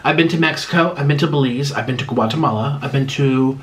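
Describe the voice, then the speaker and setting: A man's voice: mid-range voice, fast talker, fairly bright tone. A man vlogger eating on camera and rambling emotionally through fan questions in casual chat.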